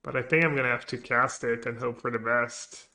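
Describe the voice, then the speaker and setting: A man's voice: medium pitch, steady tone, a little fast. Man muttering through a card game. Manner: muttering, trailing off quietly; joking banter with chat. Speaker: streamer playing a card game. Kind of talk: thinking aloud while playing.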